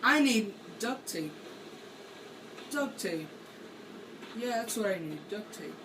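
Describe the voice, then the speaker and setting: A man's voice: high-pitched, expressive, slow pace, recorded from a distance, background noise. A man doing playful, rambling gameplay commentary for a video, talking to himself as he plays. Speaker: gaming video maker. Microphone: camera held by hand.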